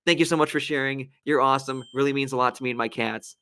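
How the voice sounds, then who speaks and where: A man's voice: mid-range voice, fast, clean tone, no echo, studio quality. A young man from Wisconsin, co-hosting a podcast, chatting casually and acting out quotes as he tells a story. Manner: animated storyteller, acts out quotes. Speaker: podcast co-host. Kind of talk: casual chat.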